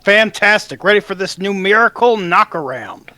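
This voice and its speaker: A man's voice: high voice, lively intonation, normal speed, sharp tone, no echo. A man hosting an esports analyst desk, upbeat and steering questions to his panel.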